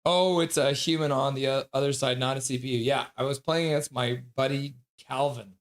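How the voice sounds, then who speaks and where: A man hosting a casual live stream, reading out viewer chat with frequent laughs and excited outbursts. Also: medium pitch, a little fast. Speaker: livestream host.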